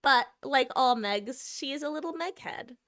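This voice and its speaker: A woman's voice: sits high, animated, moderate pace, a bit bright, no room sound. A young woman streaming a game live, chatting casually and giggling, sometimes cooing to her cat. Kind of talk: casual live-stream chat while gaming.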